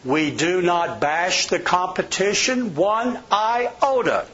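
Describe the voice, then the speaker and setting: A middle-aged man with a drawl delivers a sermon full of homespun stories. His voice sits slightly high and leaps around with animated, lively inflection. The recording is somewhat muffled and lo-fi. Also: slow. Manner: folksy storyteller, acts out quoted voices. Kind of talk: sermon with personal anecdotes. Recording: slightly dull lo-fi sound.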